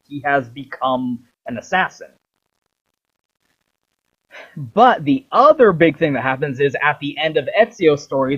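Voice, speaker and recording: A man's voice: a little high, a bit bright, lo-fi sound. A young man hosting a rambling video about games. He swears freely and acts out the lines he quotes. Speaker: video host. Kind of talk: rambling game commentary.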